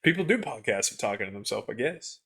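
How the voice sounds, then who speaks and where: A man's voice: lowish voice, big pitch swings, quick pace, gravelly, a bit bright, breathy edge. A young man co-hosting a podcast in casual chat, making dry, easygoing remarks and explaining things. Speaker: podcast co-host.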